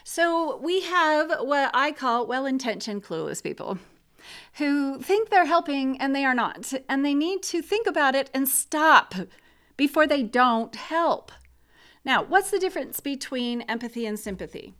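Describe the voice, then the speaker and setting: A woman's voice: sits high, lively intonation, a little slow, a bit bright. A middle-aged woman talking casually and bluntly about grief and support, frank and opinionated.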